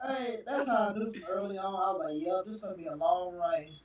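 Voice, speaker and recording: A man joins a casual podcast as a guest, his voice hyped and animated as he tells a story. He sits well back from the mic in a roomy, echoing space. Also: sits high, brisk, recorded from a distance. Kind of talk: casual chat.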